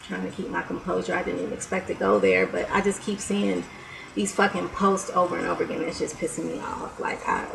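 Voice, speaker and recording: A woman's voice: lowish voice, creaky, background noise. A young woman vlogger talking to the camera in a heated, blunt, profane rant, breaking off with laughs and sighs.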